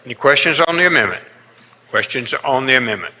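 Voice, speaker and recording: A man chairs the session, calling for ayes and nays in brisk set phrases. His tone is very bright and sharp. The chamber adds a long reverb behind him. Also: mid-range voice, animated. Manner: brisk and formulaic. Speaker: presiding officer. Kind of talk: procedural chairing. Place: legislative chamber.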